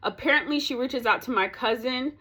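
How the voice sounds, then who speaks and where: Young woman, casual storytime vlog, animated ranting, bright tone, raised pitch. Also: brisk. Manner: animated, ranting, laughs between lines. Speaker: vlogger.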